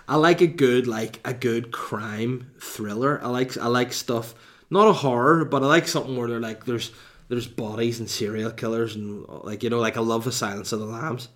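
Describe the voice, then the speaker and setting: A middle-aged man, a comedian chatting casually and reading out viewer questions, with cheeky, crude banter and quick asides. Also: medium pitch. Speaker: comedian hosting a live Q&A stream.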